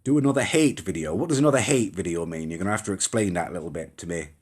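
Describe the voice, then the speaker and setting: A young man's low, slightly rough voice races along expressively as he hosts a casual live stream, rambling, chatting and reading viewer comments while reacting to them as they scroll. There's mild swearing, and the sound comes through a phone or webcam.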